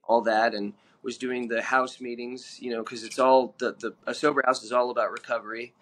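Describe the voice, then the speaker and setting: A man guest telling his own story in an earnest, halting way, with many fillers and restarts. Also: medium pitch, little pitch movement, a bit bright. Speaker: podcast guest.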